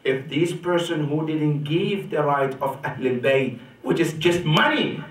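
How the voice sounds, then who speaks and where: Lecturing at a measured pace, this sheikh addresses a congregation in a mosque or community hall, his voice climbing on main points and sinking low for quotes. He repeatedly asks "right?", recorded from afar in an echoey hall.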